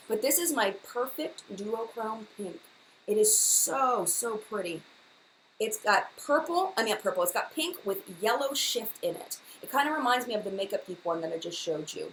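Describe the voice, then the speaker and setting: A woman's voice: mid-range voice, low-quality recording. Woman, beauty vlogger, live chat, enthusiastic, repeats herself, faint background hiss. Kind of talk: casual live-stream chat.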